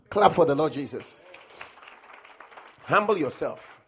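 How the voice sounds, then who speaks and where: A male preacher with a husky voice delivers an emphatic sermon. His pitch sits high and leaps around a lot as he quotes scripture and drives his points home. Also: lively intonation, unhurried, pauses often, fairly bright tone.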